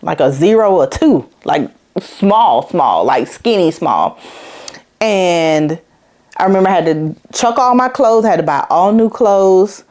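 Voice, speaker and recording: A woman's voice: lowish voice, animated, a little slow, darkish tone. A woman in her forties hosting a podcast, telling a personal story in a blunt, profane, conversational way with slang, getting emotional and laughing through hard memories. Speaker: podcast host.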